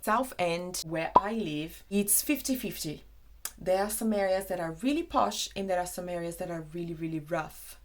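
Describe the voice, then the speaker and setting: A young Brazilian woman whose first language is Portuguese, teaching British expressions in a chatty, animated video lesson. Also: lowish voice. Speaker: English teacher.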